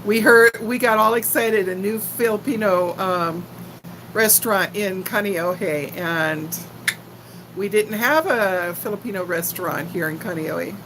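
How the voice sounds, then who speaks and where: A woman's voice: medium pitch, unhurried, noisy background. An older woman from Texas with a faint Texan accent, chatting casually and giggling with viewers on a livestream. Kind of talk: casual live chat.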